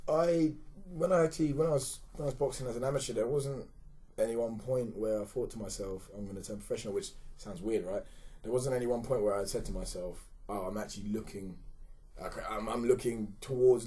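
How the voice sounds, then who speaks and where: A man's voice: lowish voice, dark tone. A man as a podcast guest, talking reflectively and repeating himself as he thinks aloud. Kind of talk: casual interview chat.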